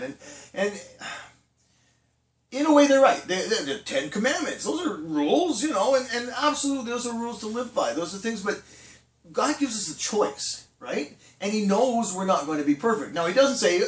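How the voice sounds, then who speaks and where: A man's voice: high-pitched, big pitch swings, normal speed, slight background noise. A middle-aged man leading a casual children's church talk, chatty with restarts and acted-out quotes. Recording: echoey room, from a distance.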